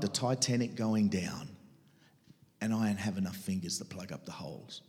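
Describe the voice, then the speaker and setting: A middle-aged man preaching his testimony dramatically, swinging between loud outbursts and hushed whispers. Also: deep voice, steady tone, normal speed. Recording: long reverb of a large hall.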